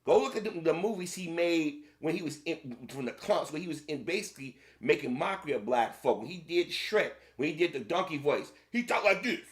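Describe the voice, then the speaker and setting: Male commentator, slightly higher voice, heated, repetitive opinion rant. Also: lively intonation, a little fast, few pauses. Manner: heated, repetitive, addressing the audience directly.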